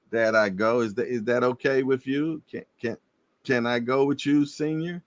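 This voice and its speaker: A man hosting a casual boxing livestream, slangy and animated, laughing and repeating himself as he reads viewer comments. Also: medium pitch, moderate pace, no room sound. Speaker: livestream host.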